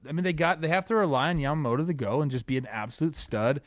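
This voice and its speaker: Animated man teasing in sports talk. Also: a little high, quick pace, no room sound. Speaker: podcast co-host. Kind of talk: casual sports chat.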